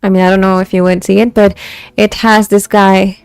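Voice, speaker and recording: A woman's voice: mid-range voice, level tone, a little fast, darkish tone, clear, resonant tone, dry recording, soft background music. A young woman with an Indian English accent streaming live, chatting casually and mixing English with Hindi, full of restarts. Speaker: VTuber streamer. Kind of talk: casual live-stream chat about fan poetry.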